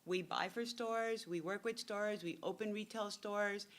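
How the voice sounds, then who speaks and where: A woman's voice: medium pitch, fairly even intonation, a little slow. A woman giving a casual, joking workshop talk as a retail buyer and consultant. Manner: chatty, joking storyteller.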